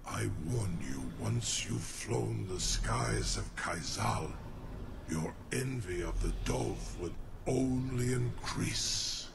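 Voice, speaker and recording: A gravelly ancient dragon. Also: male voice, fairly low pitch, exaggerated voice. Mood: solemn. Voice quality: gravelly, slow, solemn. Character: huge ancient male dragon, proud and grave. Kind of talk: video game voice acting. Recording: game audio with ambient noise.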